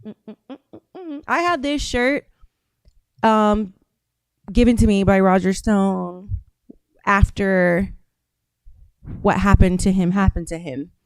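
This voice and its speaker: American woman, live stream host; smooth, dry close voice; rambling, conversational comment reading. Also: mid-range voice, takes it slowly, long pauses, dry recording. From United States. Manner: rambling, conversational, reads viewer comments aloud. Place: home studio.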